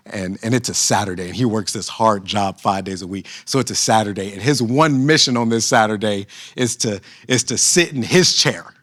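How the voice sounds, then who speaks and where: Lively, joking young male preacher. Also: medium pitch. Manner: lively, humorous preaching with casual asides. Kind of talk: storytelling sermon.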